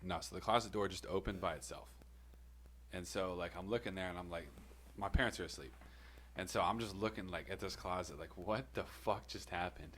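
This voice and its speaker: A man with a very deep voice tells a story on a podcast in a loose, meandering way, swearing freely and laughing between lines. Faint room noise sits behind him. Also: fairly quick, a bit bright. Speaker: podcast co-host telling a personal story. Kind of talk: casual storytelling.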